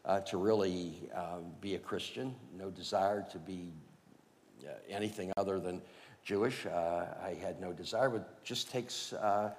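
Animated preacher man with a low voice. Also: measured pace, big-room sound. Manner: animated, chuckling, many fillers. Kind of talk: personal testimony storytelling.

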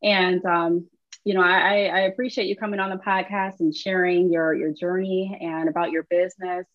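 A woman from Michigan with a Michigan accent, hosting a podcast and telling stories in an animated, laughing way. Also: fairly low pitch, no room sound, muffled recording. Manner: animated, quick storytelling with laughs. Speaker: podcast host. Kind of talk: casual interview chat.

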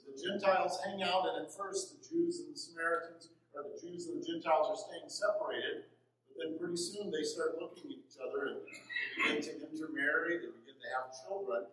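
A man teaching an adult Sunday school Bible lesson in a church classroom, talking conversationally and asking the class questions. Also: sits high. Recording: very echoey room, mic far off.

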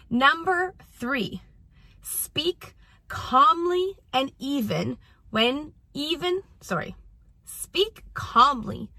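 Bright-voiced woman giving earnest advice. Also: mid-range voice, no room sound. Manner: earnest, emphatic, with frequent restarts. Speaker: parenting coach and mom. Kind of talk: casual advice talk. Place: outdoors at a track practice.

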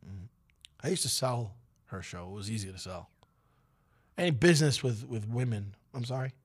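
A man with a raspy voice hosting a morning radio show, rambling and joking with his co-hosts. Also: animated, moderate pace. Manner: jokey, rambling, sometimes drops to a low corporate voice. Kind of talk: casual morning show banter.

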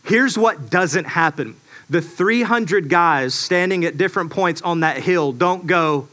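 A man preaching a sermon in a relaxed, storytelling way, full of fillers and restarts. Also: fairly high pitch, unhurried. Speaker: pastor.

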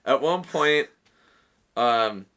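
A man's voice: medium pitch, animated, drawn-out words, fairly bright tone. A man in his thirties casually telling a long story, laughing often and swearing freely.

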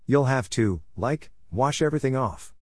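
A bossy, snippy young boy, as a man reads him, pitched above the reader's own voice. He is quick to complain. The sound is close and dry. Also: expressive, a little mellow, no room sound, lightly acted.

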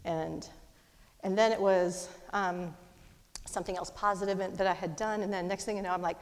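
Fast-talking woman in an echoing hall. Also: mid-range voice. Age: middle-aged. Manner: fast, animated storytelling with lively quoted voices. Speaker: speaker. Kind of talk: personal storytelling talk. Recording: long hall reverb.

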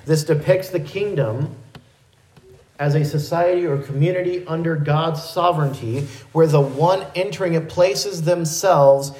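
A man's voice: fairly high pitch, a little mellow. A man preaching a sermon, explaining a passage in a teaching way and often correcting himself mid-sentence. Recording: echoey room.

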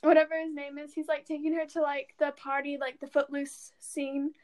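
Young woman cohost, high voice, giggly, keeps acting out movie bits. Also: flat delivery, normal speed, darkish tone. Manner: giggly, acts out movie lines. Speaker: podcast co-host. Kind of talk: casual chat.

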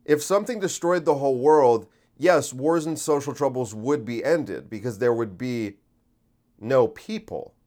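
A man's voice: mid-range voice, a little slow, mellow. A man hosting a podcast, talking casually and incredulously, full of restarts and rhetorical questions. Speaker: podcast host.

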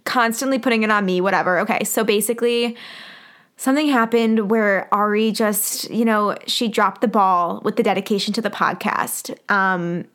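A woman's voice: medium pitch, steady tone, normal speed, a bit bright. A young woman co-hosting a podcast in casual chat, talking loosely with lots of fillers and laughing often. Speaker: podcast co-host.

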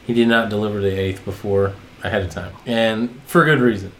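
A man's voice: fairly low pitch, steady tone, brisk, a little hiss or hum. A man co-hosting a podcast in casual chat, enthusiastic and rambling, laughing often. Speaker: podcast co-host.

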